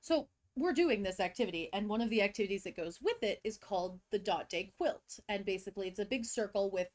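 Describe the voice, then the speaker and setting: Young woman, podcast co-host, stuffed-up cold, animated storyteller, acts out kids' voices, casual chat. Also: mid-range voice, a little fast. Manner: animated storyteller who acts out kids and teachers.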